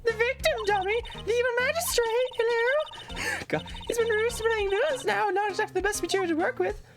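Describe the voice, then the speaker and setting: A nosy old lady security guard who scolds and rambles in a haughty, very high, queenly voice that swoops all over. It is game dialogue read aloud in character, with game music playing behind. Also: animated, fairly quick. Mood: gossipy. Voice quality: posh royal-style old lady voice. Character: shrill older woman security guard, nosy and bossy.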